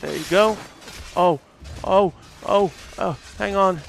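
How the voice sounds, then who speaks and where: A man's voice: high voice, takes it slowly, gravelly. A man casually commentating on his gameplay, chatty and joking as he talks to the game. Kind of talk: casual let's play commentary.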